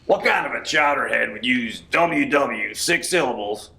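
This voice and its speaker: Folksy deadpan storyteller, man, gravelly bright voice. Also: medium pitch, moderate pace. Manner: folksy, deadpan tall tales. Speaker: comic storyteller. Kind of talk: deadpan comedy interview.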